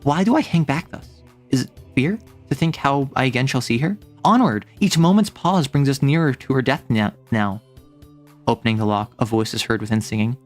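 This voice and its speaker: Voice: mid-range voice, lively intonation, normal speed, faint music behind. A streamer reading a play aloud on a livestream, breaking off for casual, amused asides.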